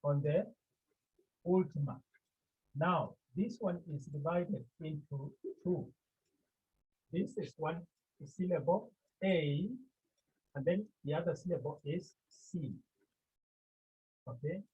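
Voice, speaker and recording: A man from Cameroon teaching a Greek class. He talks slowly and deliberately, repeats the key terms and asks the class questions. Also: a little high, darkish tone, slightly rough. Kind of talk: classroom lecture. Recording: muffled phone-like classroom recording.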